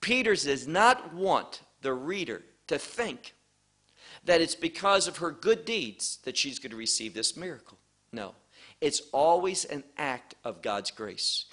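Male Bible teacher, slightly high voice, very unhurried, verse-by-verse explanation. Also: bright, forceful tone. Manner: slow, deliberate, explaining Greek words.

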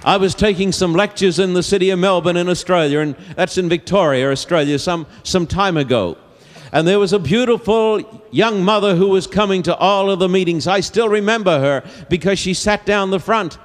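Male evangelist with a high voice, emphatic sermon delivery, long hall echo. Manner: slow, emphatic, repeats key phrases. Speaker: evangelist preacher. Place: large auditorium. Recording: long reverb of a big hall.

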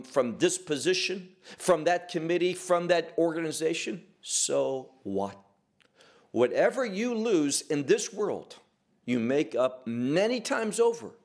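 Slow, animated male preacher. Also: on the high side. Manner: emphatic, rhetorical questions, drawn-out stresses. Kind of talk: sermon.

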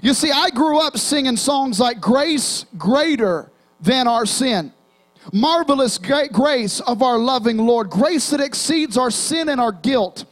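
A man's voice: extremely high pitch, animated, unhurried. A young man preaching a sermon as a pastor in a church, calling out to the congregation and half-singing hymn lines. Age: young adult. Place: church sanctuary.

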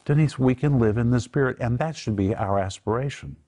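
A man's voice: mid-range voice, brisk, mellow. An older man hosting a Bible teaching program, earnest and emphatic as he explains Greek words. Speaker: Bible teacher and show host.

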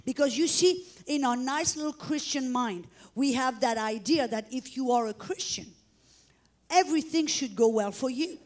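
A middle-aged woman preacher telling a dramatic testimony in a sermon, acting out the shouts and prayers she tells of. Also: sits high, normal speed.

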